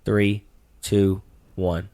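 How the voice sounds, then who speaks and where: Deep-voiced dad teasing on a podcast. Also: male voice, little pitch movement, drawn-out words, warm tone. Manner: teasing, playfully bossy. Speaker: podcast co-host, father. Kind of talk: casual sports-picks chat.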